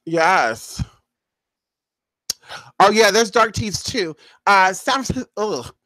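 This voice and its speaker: A woman tells her viewers a long, exclamatory story and acts out her own shocked reactions. Her pitch leaps all over the place and her tone is bright. The sound is dry and close. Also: expressive, extremely slow, dry recording. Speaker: spiritual vlogger.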